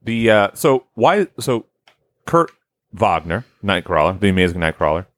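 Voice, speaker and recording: A man's voice: on the low side, very animated, moderate pace, dry recording. A man hosting a podcast, talking in a loose, rambling, conversational way. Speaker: podcast host. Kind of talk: casual chat.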